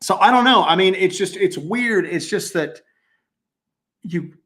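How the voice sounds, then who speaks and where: Animated storytelling man, slightly high voice. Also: a little slow. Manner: animated storyteller, acts out quotes, repeats himself. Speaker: podcast host. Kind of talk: casual chat.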